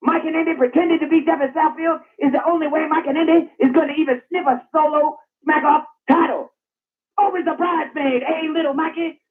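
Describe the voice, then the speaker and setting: A man's voice: very high voice, steady tone, fairly quick. A man calling into a radio show with brash mock-announcer comedy bits. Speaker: caller. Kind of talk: comic call-in bit. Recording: tinny phone line.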